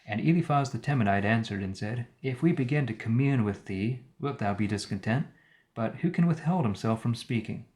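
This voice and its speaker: A man's voice: mid-range voice, lively intonation, darkish tone. A man reading the Bible aloud on a live stream, stopping now and then to paraphrase old words and add his own comments. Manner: reads archaic text, pausing to paraphrase words and comment.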